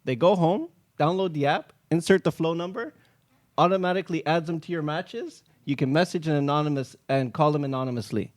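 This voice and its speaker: Animated man telling stories. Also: fairly high pitch, a little fast. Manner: animated, acts out quoted dialogue. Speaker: app founder guest. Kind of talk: casual podcast storytelling.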